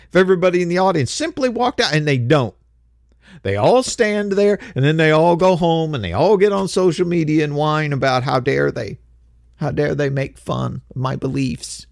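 A man's voice: on the high side, lively intonation, moderate pace, vocal fry, no echo, studio quality. A man giving a heated, emphatic opinion monologue, stumbling on repeated words when worked up. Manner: heated, emphatic, with mocking impressions of others; repetitive restarts when worked up. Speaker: commentator.

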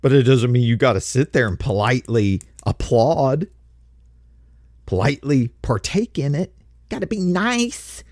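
Heated ranting man, lively pitch. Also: moderate pace, dry recording, studio quality. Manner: heated, emphatic, with mocking impressions of others; repetitive restarts when worked up. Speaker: commentator. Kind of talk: ranting opinion monologue.

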